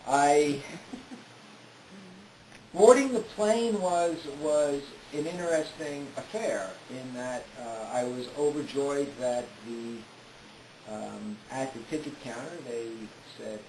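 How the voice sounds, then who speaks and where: Man telling a story in a roomy space. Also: mid-range voice. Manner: detailed, unhurried telling with frequent "uh" fillers. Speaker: storyteller recounting a trip. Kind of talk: casual first-person storytelling. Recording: roomy with faint hiss.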